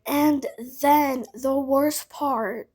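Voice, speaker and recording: A woman's voice: high voice, fairly even intonation, drawn-out words, darkish tone, slight background noise. A female voice telling a casual storytime vlog, rambling with lots of "like" and side remarks. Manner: rambling, filled with "like", frequent asides.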